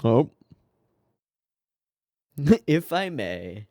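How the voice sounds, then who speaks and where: Man, reaction host, very unhurried delivery, lively pitch swings, dry close sound. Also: dry recording. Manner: laid-back, short murmured interjections and wry asides. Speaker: anime reaction channel host. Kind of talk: casual reaction commentary.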